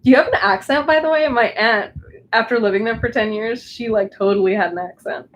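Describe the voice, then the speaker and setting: A young woman with a Southern Californian accent crafts at home while chatting casually with her livestream audience, rambling and restarting often. Her voice is on the high side and brisk, and the low-quality recording carries a little hiss or hum.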